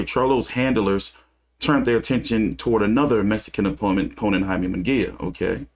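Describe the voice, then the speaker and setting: Dude on his boxing stream reading news then going off, cussing, just talking into his desk mic. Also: on the low side. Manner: reads news aloud then rants with cursing. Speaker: boxing channel host. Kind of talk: casual livestream commentary.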